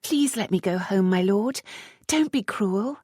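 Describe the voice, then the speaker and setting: A narrator voicing a flighty young noblewoman posing as a silly French girl, often high and breathy, sometimes whispering. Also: lively intonation, measured pace, a little mellow, dry recording, studio quality. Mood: pleading, nervous.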